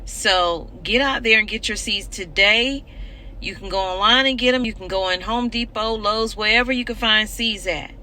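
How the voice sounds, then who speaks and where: A woman vlogging from her homestead, talking straight to her viewers. Her voice is bright and forceful, with a faint hiss behind it. She sounds urgent and repeats herself to drive each point home. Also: medium pitch, moderate pace, rough recording. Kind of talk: earnest direct-to-camera vlog.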